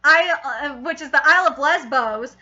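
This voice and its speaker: A woman vlogger recapping a novel in a casual, gushing and excitable way, with filler words. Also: high voice, normal speed. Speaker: book vlogger. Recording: dull lo-fi audio.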